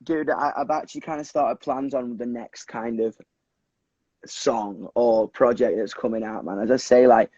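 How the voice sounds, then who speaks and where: A young man from England with a British accent, talking in an animated, swearing, run-on way in a casual livestream chat. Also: mid-range voice, moderate pace, husky, dry recording, highs cut off. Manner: animated, swears a lot, many restarts and fillers. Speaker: musician guest. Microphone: phone on a video call.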